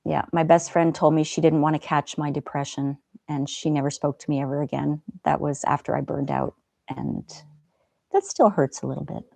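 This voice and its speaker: A middle-aged woman talks casually on a live stream, chatting gently with viewers and laughing easily. Her voice sits a little low. It is close and dry, with no room sound. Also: fairly even intonation, normal speed, gravelly, no echo. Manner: gentle, chatty, laughs often, soft asides. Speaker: live stream host reading chat.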